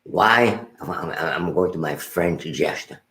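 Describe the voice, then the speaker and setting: A man giving a meditation teaching as a Buddhist teacher, unhurried and halting, repeating words and restarting phrases, often dropping to a soft murmur. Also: low-pitched, reverberant, low-quality recording.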